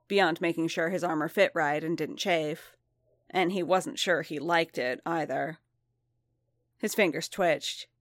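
A woman reading a story aloud in a steady, even narration. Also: fairly low pitch, no echo. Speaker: reader. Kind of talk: audiobook-style story reading.

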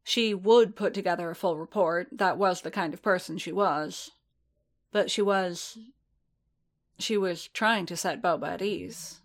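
A woman reading a fiction story aloud in an even, unhurried way, with occasional small restarts. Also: fairly low pitch. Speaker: reader.

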